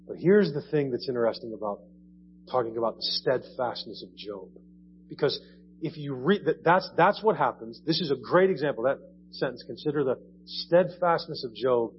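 A man preaching a sermon in a conversational way, repeating phrases and rising in emphasis. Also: mid-range voice. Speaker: pastor. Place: church. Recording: dull audio with faint hum.

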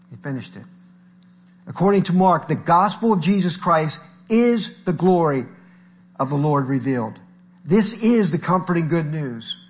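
A man preaching a sermon in an earnest manner, now and then stopping to correct himself. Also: on the high side.

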